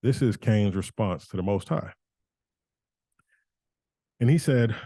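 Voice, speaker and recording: A male Bible teacher talks through scripture informally and conversationally. He often restarts and corrects himself mid-sentence. His voice is low and mellow, and the sound is dry. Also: animated, slow pace, pauses often, dry recording.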